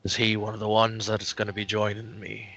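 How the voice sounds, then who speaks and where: A man's voice: fairly low pitch, completely flat delivery, a little fast, a bit bright, highs cut off. A man voicing an old, battle-scarred knight in plate armor in a tabletop game, speaking in a plain, matter-of-fact way.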